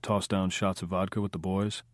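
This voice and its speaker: A man's voice: sits low, level tone, normal speed, dry recording, lightly acted. A man doing a cool, dry-talking tough guy. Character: cool, unflappable male Hollywood operator.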